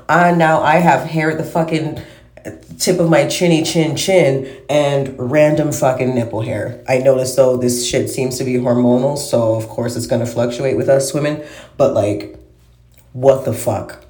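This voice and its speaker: A woman's voice: rumbling low, fairly even intonation, a little slow, dark tone. A woman vlogger in a casual monologue, ranting with heavy swearing and exasperation. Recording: roomy echo.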